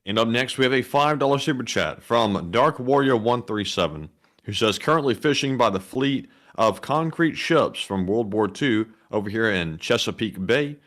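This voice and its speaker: A man's voice: medium pitch, expressive, normal speed, fairly bright tone. A man co-hosting a casual live stream, reading viewer messages aloud and dropping dry puns and skeptical asides. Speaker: co-host reading super chats.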